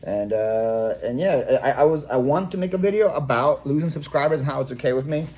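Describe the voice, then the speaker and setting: A man's voice: medium pitch, expressive, fairly quick, a little mellow. A man talking casually to his viewers in a vlog while packing orders, chatty and full of fillers and repeated words. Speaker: online reseller vlogger.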